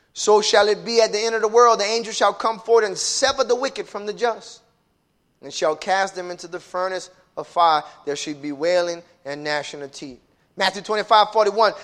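A male pastor preaching a sermon, swinging from booming shouts to low, hushed lines and calling out to the congregation. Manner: calls out to the congregation.

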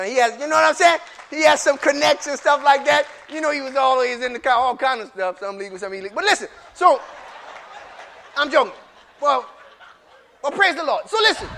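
A man preaching a sermon in casual, repetitive speech that swings from quiet storytelling to shouting. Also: extremely high pitch. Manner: repetitive, casual street talk.

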